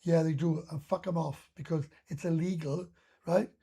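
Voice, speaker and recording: A man's voice: on the high side, steady tone, moderate pace, warm tone, husky. A Welsh man hosting a casual live stream, reading viewer comments aloud and answering them bluntly, swearing freely and often restarting his sentences. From Wales.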